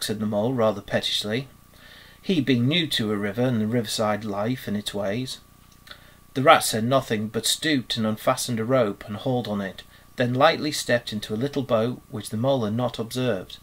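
Man, teacher, reading a children's story aloud, expressive, measured, mid pitch. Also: poor audio. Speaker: primary school teacher.

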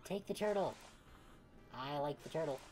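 A woman's voice: low-pitched, moderate pace, darkish tone, soft background music. A woman streaming a game, chatting casually and playfully, joking and laughing often. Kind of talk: casual let's-play commentary.

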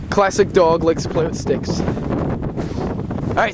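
Male vlogger, outdoors, unhurried, lively high calls to his dog, noisy handheld recording. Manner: high sing-song calls to the dog, chuckling asides. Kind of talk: casual vlog, playing with his dog. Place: outdoors on a rural front lawn. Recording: outdoor recording with clear background noise.

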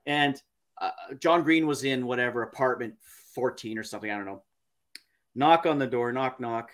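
A male podcast guest with a medium-pitched, fairly bright voice tells a story haltingly and casually, repeating words and leaning on lots of fillers.

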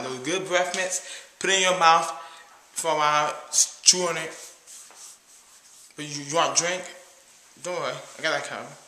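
Guy doing a cheapskate date dude, jumpy and bragging, bright voice in an echoey room. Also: a little high. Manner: boastful, jittery, talks about himself as "your boy". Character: cheap, nervous male date who boasts. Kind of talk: comedy skit.

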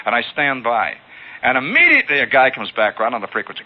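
A man's voice: mid-range voice, fast talker. Man telling a story on old radio. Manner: animated, self-mocking, acts out scenes. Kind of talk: spoken radio monologue. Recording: lo-fi archival radio broadcast.

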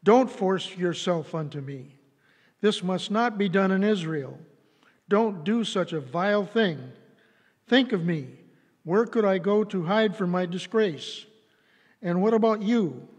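A man reading aloud as a young princess pleading desperately. He keeps his own high, plain voice. A long reverb trails each phrase. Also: animated, a little slow.

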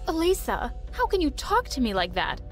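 A woman's voice: sits high, wildly swooping pitch, normal speed, soft background music, full character voice. A woman voicing a scheming mother who pleads with her daughter in a story video, in a defensive manner. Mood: pleading.

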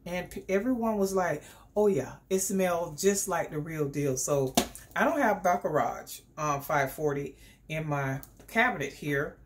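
Chatty, excitable woman unboxing at home. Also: sits low, measured pace, slight background noise. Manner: chatty and excitable, talks straight to viewers. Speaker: beauty vlogger. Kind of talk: casual unboxing vlog. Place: home indoors.

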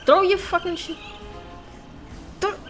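A woman giving excitable let's play commentary as host of a gaming channel, with loud outbursts and swearing. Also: very high voice, slow pace, faint music behind.

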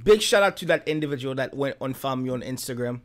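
A man's voice: mid-range voice, animated, fast. A young man co-hosting a reaction video, talking loosely and enthusiastically with lots of fillers. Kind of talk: casual reaction chat.

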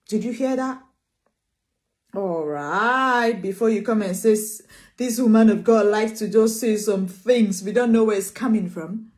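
A woman's voice: mid-range voice, unhurried, darkish tone. A woman preacher, preaching an emphatic sermon, repeating phrases and calling listeners sweetheart.

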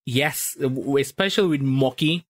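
A man's voice: mid-range voice, moderate pace. A man who is a voice actor, chatting casually on a podcast, swearing often and breaking into laughter. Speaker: voice actor guest.

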